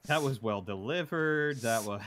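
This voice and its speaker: A man chatting casually about a film he just watched while doing a jigsaw puzzle with a friend, recounting scenes in a relaxed way. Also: mid-range voice, moderate pace, dry recording. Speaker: co-host.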